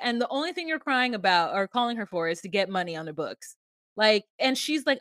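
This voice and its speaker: A woman's voice: medium pitch, lively intonation, fast, fairly bright tone, no echo, studio quality. A woman co-hosting a podcast, casually recapping a reality show with sarcastic, profane commentary and acted-out quotes. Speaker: podcast co-host.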